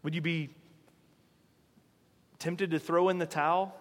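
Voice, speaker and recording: A man's voice: on the high side, fairly even intonation, measured pace, big-room sound. A man preaching a sermon in a conversational way, asking his listeners rhetorical questions. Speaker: pastor.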